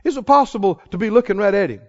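A male preacher delivers a sermon with a high, sweeping voice that leaps up in excitement and drops to a hush. He keeps putting questions to his congregation. The recording sounds dull and lo-fi. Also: fast talker. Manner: dramatic, swings from loud exclaims to hushed low lines.

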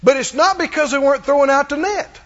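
Preaching fast in a strikingly high, fairly bright voice, a man presses each point of his sermon and calls on the congregation to answer back in emphatic call-and-response. The audio is muffled and lo-fi, with long reverb trailing off the walls of a church hall.

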